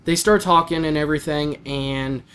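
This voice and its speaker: A man's voice: a little high, steady tone, moderate pace, fairly bright tone, clean tone. Rambling young man reviewing anime. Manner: rambling, many fillers and restarts. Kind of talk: casual spoken review.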